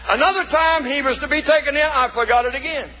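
A male pastor preaching a sermon in a folksy way, calling out to the congregation and shouting for emphasis. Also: very high voice, fast talker. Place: church. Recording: long reverb of a church hall.

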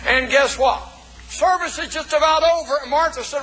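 A male pastor preaching a sermon in a folksy way, calling out to the congregation and shouting for emphasis. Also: extremely high pitch, moderate pace. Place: church. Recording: long reverb of a church hall.

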